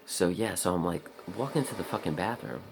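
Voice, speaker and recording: A man with an extremely deep, gravelly voice rambles through a blunt, profane vlog monologue and talks straight to the viewer. Now and then he acts out his own inner voice. Outdoor noise with buzzing insects sits clearly behind him. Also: lively intonation, a little fast. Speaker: vlogger.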